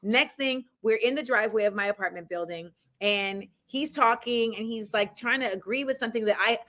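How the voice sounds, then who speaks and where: A woman hosts a podcast and tells a comic tale from her own life. Her voice is bright and forceful, and she slips into the voices of the people in her story. Her phrasing is casual and full of slang. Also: a little high, fairly quick. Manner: animated, acts out the people in her stories. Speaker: podcast host. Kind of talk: comedic personal storytelling.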